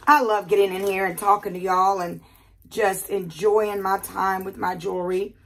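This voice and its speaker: An older woman from the American South with a Southern accent, chatting casually and talking fast while she unboxes jewelry in her quiet bedroom. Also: mid-range voice, little pitch movement, slight background noise.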